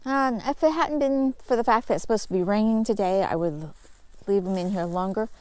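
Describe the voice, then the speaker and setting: A woman talks through her farm chores outdoors in a relaxed, homespun way. Her voice sits at an ordinary middle pitch, and she explains each step plainly as she works. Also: fairly quick, no room sound. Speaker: homesteading vlogger. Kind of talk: casual walk-and-talk narration. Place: outdoors in a farmyard.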